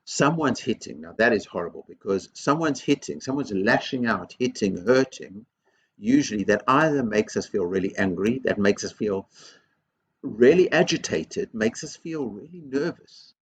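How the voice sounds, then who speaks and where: A man's voice: on the low side, lively intonation, normal speed, breathy edge. A man speaking as a headteacher in a school video assembly, earnest and encouraging, repeating his key phrases.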